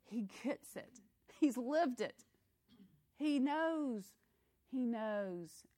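A woman's voice: a little high, extremely slow. A woman teaching a Bible study in a conversational, emphatic way, reading scripture aloud and explaining it. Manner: expressive, emphatic, acts out quotes.

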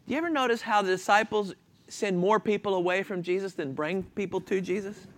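A man preaching a sermon, asking the congregation questions and answering them himself, with an animated, chuckling delivery. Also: sits high, a little fast.

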